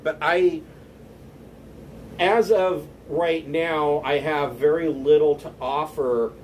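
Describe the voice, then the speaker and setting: A man voicing Dame Coraline, a halting noblewoman. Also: fairly high pitch, darkish tone, distant mic, slight background noise, poor audio. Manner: hesitant, halting speech with fillers. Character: gracious noblewoman, earnest and grateful.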